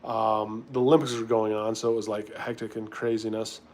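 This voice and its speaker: A man's voice: fairly low pitch, little pitch movement, moderate pace, darkish tone. Casual man answering live-stream chat. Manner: reads viewer questions aloud and answers offhand. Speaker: livestreamer in recovery.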